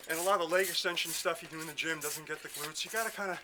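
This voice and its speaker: A man's voice: a little high, steady tone, very fast, noisy background. A man demonstrating a workout outdoors, chatty and self-mocking, talking through the exercises while out of breath. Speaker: fitness instructor. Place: outdoors at a house in the woods. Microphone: filmed by a camera operator.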